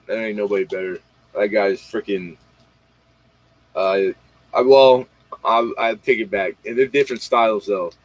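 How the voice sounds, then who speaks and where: Husky, rambling late-night male streamer. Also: lowish voice, fairly even intonation, moderate pace, pauses often, no echo, low-quality recording. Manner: rambling, slangy, talks straight to viewers, retells comedy bits. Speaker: livestream host. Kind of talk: casual late-night livestream chat.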